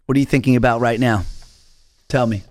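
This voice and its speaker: A middle-aged man hosting an interview, pressing his guest with teasing, rapid-fire questions. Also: medium pitch, fairly even intonation, a little mellow, no echo, soft background music. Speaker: host. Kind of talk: casual interview.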